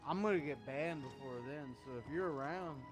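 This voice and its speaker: A man's voice: on the high side, brisk, music in the background. A man streaming and chatting with friends, brash and trash-talking with lots of swearing. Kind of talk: casual chat.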